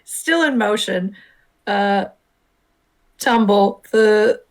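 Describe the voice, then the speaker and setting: Giggly, gravelly-voiced woman player. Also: mid-range voice, very slow. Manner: giggly, flustered, playful. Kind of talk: playing a tabletop game.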